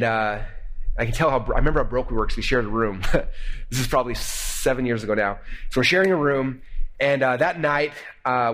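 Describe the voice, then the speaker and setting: Fast-talking, excitable man storyteller. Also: mid-range voice. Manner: excited, animated retelling with acted-out quotes. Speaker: speaker telling a founding story. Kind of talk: storytelling talk to an audience. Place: presentation room with slides.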